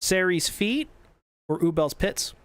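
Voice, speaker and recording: A man co-hosting a podcast, joking with his co-hosts and reading live chat aloud. His pitch swings widely and rises high when he protests. The sound is dry and close. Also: lively intonation, slow pace, a bit bright, dry recording. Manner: teasing, jumps in and reads chat aloud. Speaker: podcast co-host. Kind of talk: casual chat.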